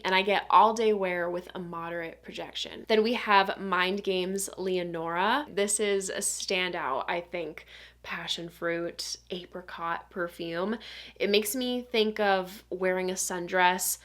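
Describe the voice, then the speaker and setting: A woman reviewing perfumes to camera in a soft, dreamy and descriptive way. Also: lowish voice.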